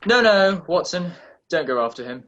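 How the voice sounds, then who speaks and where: An actor playing a calm, brilliant male detective in a radio drama, explaining in a crisp, confident way. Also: sits high, moderate pace. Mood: assured.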